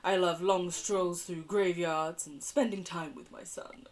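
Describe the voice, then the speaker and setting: A woman voicing a posh, gothic Victorian gentleman dad with a formal, gloomy, stately manner and a posh English accent. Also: fairly low pitch, fairly even intonation, a little slow, a crowd in the background, lightly acted.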